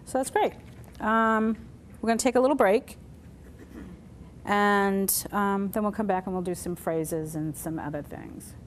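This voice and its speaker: A woman's voice: medium pitch, unhurried, a little hiss or hum. A woman teaching a sign language class, patiently talking through each sign as she shows it. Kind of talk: classroom instruction. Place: community center classroom.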